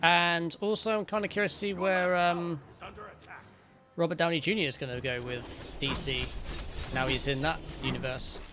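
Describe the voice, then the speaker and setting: A man's voice: on the high side, steady tone, normal speed, over music. A man chatting casually with a streamer friend, mostly agreeing in short replies. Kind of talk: casual chat while gaming.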